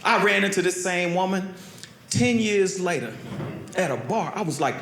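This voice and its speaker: A man doing a stand-up comedy routine, telling stories animatedly, swinging from loud yelps to low mutters. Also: normal speed. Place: comedy club stage. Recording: roomy live stage sound with crowd. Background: laughing audience.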